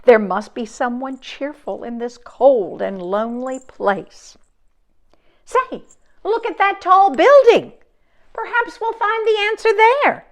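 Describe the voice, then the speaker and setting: A woman reading the part of a kindly male court jester in a storybook, speaking gently and sometimes in a hush. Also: sits high, slow. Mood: hopeful. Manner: gentle, sometimes hushed and whispering.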